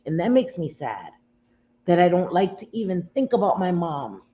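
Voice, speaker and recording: Her voice is on the low side yet warm and sing-song, moving at normal speed. She's an American woman hosting a casual home livestream, speaking tearfully and intimately with viewers and repeating herself often. Faint room noise sits under the dull, lo-fi recording.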